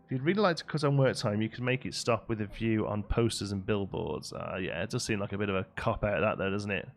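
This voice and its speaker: Low-voiced man streaming a game. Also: fast, gravelly. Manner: chatty, reads out chat and answers it. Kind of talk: casual live-stream commentary while building.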